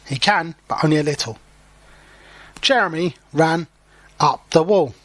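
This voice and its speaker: This English teacher's voice sits on the high side and sounds a bit bright, with a little hiss or hum in the recording. He reads a storybook aloud to learners, speaking slowly and clearly and stopping now and then to explain words simply.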